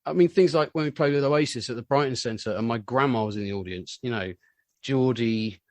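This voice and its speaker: A man, a musician, telling rambling anecdotes in a casual interview and getting animated when he acts out what others said. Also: medium pitch, brisk, no echo. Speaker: musician guest.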